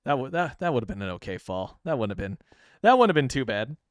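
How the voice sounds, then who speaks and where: A man's voice: mid-range voice, very animated, fast, no room sound, studio quality. A man from the American Midwest giving casual, chatty commentary while playing a game on stream, joking to himself as he goes. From Midwestern United States. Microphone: streaming microphone.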